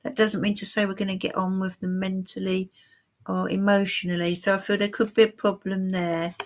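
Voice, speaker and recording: A woman's voice: medium pitch, level tone, fairly quick, slight background noise. A woman giving a live-stream tarot reading for viewers, musing and hesitant with many fillers. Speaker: tarot reader.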